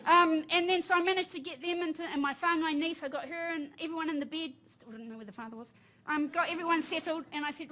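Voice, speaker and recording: A woman with a New Zealand accent, in her thirties or forties, telling a personal story at a conference, lively and laughing, with Māori phrases mixed in. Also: very high-pitched, fast. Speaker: panel speaker. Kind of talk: storytelling talk. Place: conference room.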